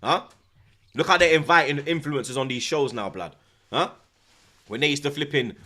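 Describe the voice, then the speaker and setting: A man, a football streamer talking in a loud, swaggering rant full of repeated slang tags. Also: on the high side, fairly quick, pauses often. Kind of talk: casual boastful rant.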